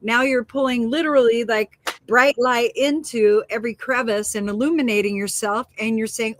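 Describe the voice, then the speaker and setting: Laughing, emphatic woman co-host, high voice. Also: normal speed, few pauses, no room sound. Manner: animated, laughs often, emphatic repeats; teaching tone, rhetorical questions. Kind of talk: casual spiritual talk show chat.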